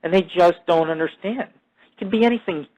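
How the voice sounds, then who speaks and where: Over dull audio, a podcast host whose voice sits high with a darkish tone delivers a meandering, laid-back monologue on his own show. Profane and self-aggrandizing, he drifts between topics, halts, restarts, and leans on the same fillers.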